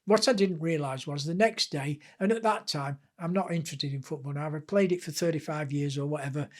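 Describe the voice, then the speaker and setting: A man's voice: fairly high pitch, fairly quick. A man, a guest author telling long, rambling stories in an interview. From England (Blackpool). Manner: chatty storyteller, easy and rambling. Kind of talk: reminiscing interview.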